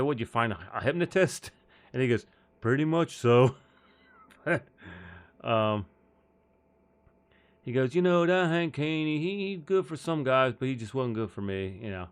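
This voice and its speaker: A man hosting a live golf talk stream. His voice sits at an ordinary middle pitch, and he tells stories in a loose, rambling way, restarting sentences and breaking into laughs. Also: a bit bright. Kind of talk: casual live-stream chat.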